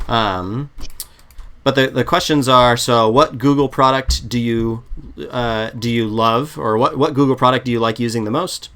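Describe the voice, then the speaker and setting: A man coaching on interview prep in a relaxed, chatty way, often restarting sentences, on a video call. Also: mid-range voice, smooth. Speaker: product management coach. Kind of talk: casual advice chat.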